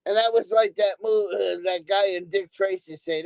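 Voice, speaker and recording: A woman's voice: medium pitch, fairly even intonation, moderate pace, creaky, hardly any pauses, a little mellow, no echo, lo-fi sound. A woman streamer on a profane, angry monologue who hammers on the same words again and again. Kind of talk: ranting monologue. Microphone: streaming microphone.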